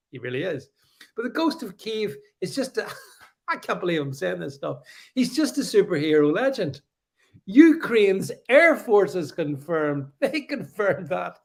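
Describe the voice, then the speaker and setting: A middle-aged man hosting a casual livestream, talking in a sarcastic, mocking way and laughing often. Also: sits high. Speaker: livestream host.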